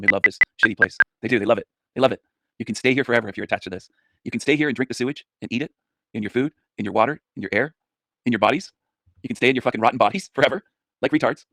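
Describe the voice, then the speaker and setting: A man's voice: medium pitch, gravelly, fairly bright tone, no room sound. A man ranting contemptuously at his audience in a scolding, repetitive monologue as a channel host.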